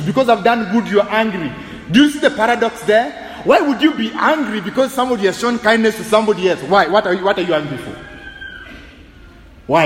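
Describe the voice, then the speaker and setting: A man preaching a sermon with animated, humorous delivery, mixing English and Swahili. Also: high-pitched, roomy sound, in a large hall, a little hiss or hum, poor audio. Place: church sanctuary.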